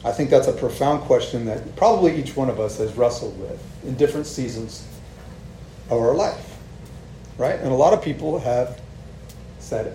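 A man's voice: medium pitch, expressive, normal speed, long pauses, mellow. A man preaching a sermon in a casual, conversational way, often asking "right?" to the congregation. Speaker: pastor. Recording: echoey room with faint ambient noise.

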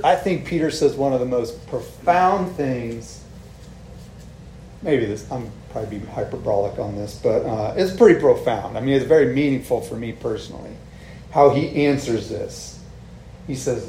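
A pastor with a slightly high, dark voice and big pitch swings preaches at a moderate pace in a casual, conversational style, often asking the congregation "right?" The room is echoey with faint ambient noise.

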